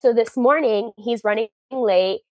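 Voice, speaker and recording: A woman's voice: a little high, measured pace, dry recording. A young woman calling in to a podcast, animatedly retelling a story with many fillers and acted-out quotes. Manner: animated retelling, acts out others' lines, many "like"s. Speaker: caller. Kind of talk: casual storytelling on a call-in show.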